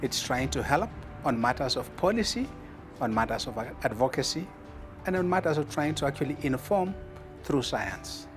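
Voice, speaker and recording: A man's voice: mid-range voice, animated, moderate pace, music in the background. A man in a documentary interview, speaking with firm, repetitive emphasis.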